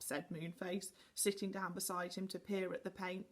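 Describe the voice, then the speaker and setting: A woman teacher reading a children's storybook aloud with animated, expressive delivery. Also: lowish voice, normal speed, hardly any pauses.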